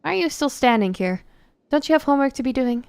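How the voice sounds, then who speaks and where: A gruff, stern father barks short demanding questions, as a woman puts him on. He sounds like a strict dad in a story game, his voice sitting a touch higher than you would expect. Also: lively intonation, fast talker, a little mellow, no room sound. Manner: curt, demanding.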